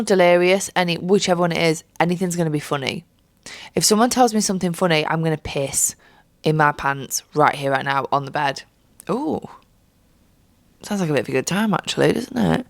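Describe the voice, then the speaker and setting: A woman's voice: lowish voice, no echo, studio quality. A young woman with a stuffy cold, tired and jet-lagged, chatting from her bed in a sweary, jokey way. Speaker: podcast host. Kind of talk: casual chat. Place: bedroom.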